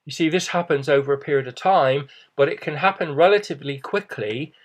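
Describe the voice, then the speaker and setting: A man's voice: fairly high pitch, brisk. A middle-aged man giving a persuasive business presentation, reassuring and often adding "okay" and "you know".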